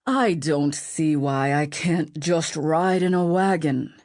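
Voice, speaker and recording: Lady doing a whiny paunchy spy guy, slow and complaining. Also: low voice, darkish tone, no room sound, studio quality. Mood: whining. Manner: whining, complaining. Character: plump whining middle-aged male spy.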